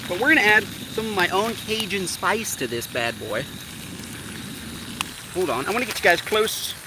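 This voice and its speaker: A fishing vlogger with a high-pitched voice and lively intonation chats at a moderate pace with his livestream viewers. Upbeat and casual, he cooks on a riverbank and talks straight into a camera on a tripod, while the outdoor audio is heavy with ambient noise.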